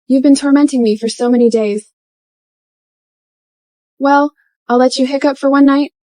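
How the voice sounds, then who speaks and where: Actress as poised young chairwoman, brightish pitch, dry studio dub. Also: steady tone, normal speed, no echo, natural voice. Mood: composed. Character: young woman, poised new chairwoman, firm. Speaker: new company chairwoman. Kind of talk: dubbed drama dialogue.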